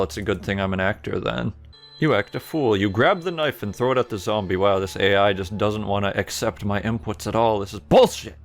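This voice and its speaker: A man reading aloud and commenting sardonically on a text adventure game as he plays it. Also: fairly low pitch. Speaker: gaming streamer.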